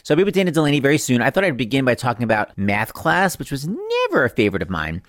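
A man hosting a podcast, chatting with quick comic asides and a gossipy, animated delivery. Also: mid-range voice, dry recording, studio quality. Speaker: podcast host. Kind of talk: chatty podcast monologue and interview.

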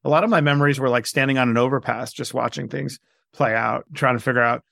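Gravelly man telling animated stories. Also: medium pitch, quick pace, no room sound, clean studio sound. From New York, USA. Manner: animated, acts out quoted dialogue. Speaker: guest entrepreneur. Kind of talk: candid storytelling interview.

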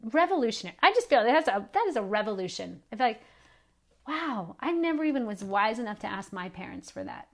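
A woman's voice: on the high side, sing-song, fairly quick. A middle-aged woman hosting a faith podcast, speaking earnestly and pleadingly, often repeating phrases for emphasis. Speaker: podcast host. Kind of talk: faith-based encouraging talk.

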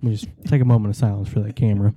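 A man co-hosting a podcast, recapping a sitcom with deadpan teasing humor and acted-out quotes. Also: lowish voice, very fast, dry recording, lo-fi sound. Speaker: podcast co-host. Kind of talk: casual recap chat.

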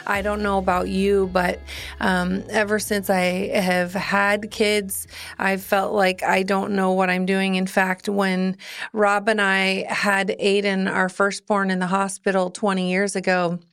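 A woman's voice: mid-range voice, flat delivery, measured pace, fairly bright tone, soft background music. A woman in her forties hosting a podcast, talking in a casual, earnest and encouraging way. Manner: earnest and encouraging, with fillers and restarts. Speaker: podcast host. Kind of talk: casual heartfelt podcast talk.

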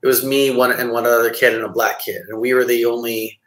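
A man's voice: mid-range voice, level tone, brisk, fairly bright tone, roomy sound, rough recording. A man in his forties from Montreal, a label founder talking as an interview guest in a rambling casual way with many fillers and restarts. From Montreal, Canada.

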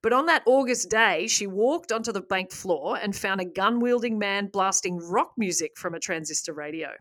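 A woman hosting a casual podcast, retelling a story with lively asides and laughs. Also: medium pitch, normal speed. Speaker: podcast host.

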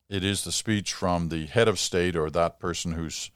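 A man's voice: low-pitched, fairly even intonation, normal speed, few pauses, smooth, dry recording, studio quality. An older man hosting a podcast, reading listener letters aloud and answering them in a conversational, explanatory way. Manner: conversational, explanatory, occasional chuckle.

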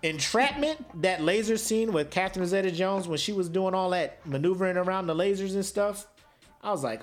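A man co-hosting a podcast in casual banter, slangy and animated, laughing often. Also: high voice, moderate pace. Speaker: podcast co-host.

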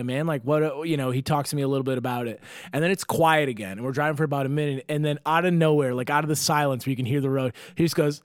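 A man's voice: on the high side, quick pace, hardly any pauses, clean tone, no echo, studio quality. A young man on a podcast telling rambling, laugh-filled stories in casual chat. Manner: rambling storytelling, laughs often. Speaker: podcast co-host.

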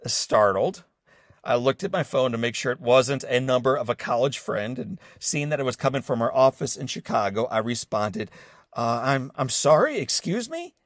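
With a mid-range voice and fairly even intonation, this man in his forties speaks fairly quickly and barely pauses. He hosts a motivational podcast, earnestly recounting a personal story in a scripted inspirational monologue aimed warmly at his listeners. The audio is studio quality, free of room sound.

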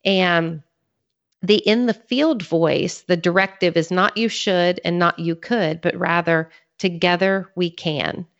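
Low-voiced woman explaining with earnest care. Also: takes it slowly. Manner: earnest, teaching, lays out points in a clear sequence. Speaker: podcast guest, author and ministry leader. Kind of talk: conversational interview talk. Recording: slightly dull lo-fi sound.

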